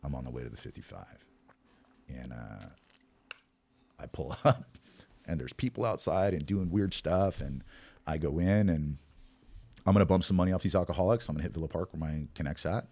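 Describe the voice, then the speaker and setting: A man as a podcast guest, telling his recovery story in a candid, self-deprecating, animated way. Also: extremely low pitch, moderate pace, gravelly, pauses often.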